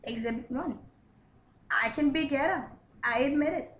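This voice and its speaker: A young woman with a high, sharp voice holds forth in loose, comedic vlog banter. She talks bluntly and swears freely. The room around her rings with echo. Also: normal speed. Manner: blunt, profane, animated. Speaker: co-host. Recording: echoey room.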